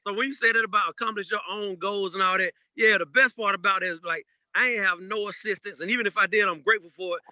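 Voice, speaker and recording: A man in casual podcast conversation, spinning personal anecdotes with animated energy. His voice is fairly high and sharply bright. The sound is close and dry, with no room around it. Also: fast talker, few pauses, no room sound, poor audio. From Georgia, USA. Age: adult parent. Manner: animated storyteller, laughs through anecdotes. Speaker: guest DJ.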